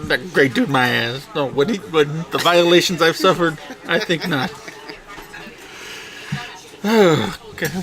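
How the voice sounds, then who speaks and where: A man's voice: a little high, pushed and bright. A man co-hosting a casual podcast, cracking sarcastic jokes and telling his own story. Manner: sarcastic, jokey interjections. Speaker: podcast co-host. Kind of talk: casual chat.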